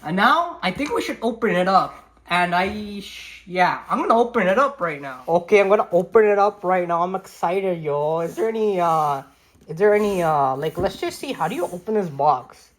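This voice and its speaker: A woman vlogging an unboxing at home, talking into a handheld camera in an excited, rambling, slangy way and laughing at herself. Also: on the low side, normal speed. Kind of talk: casual unboxing vlog. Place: at home by a desk. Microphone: handheld camera mic.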